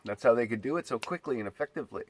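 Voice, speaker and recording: A man's voice: mid-range voice, animated, very fast, a little mellow, no room sound. A man delivering an exasperated, profane ranting monologue, mocking his listeners.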